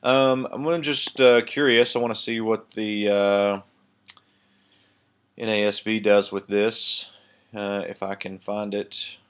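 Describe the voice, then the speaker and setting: Lower-voiced man teaching, halting and unscripted. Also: fairly even intonation, fairly bright tone, clear, resonant tone. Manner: thinking aloud with many ums and restarts. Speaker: Bible teacher. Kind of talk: screen-share lecture on Hebrew text.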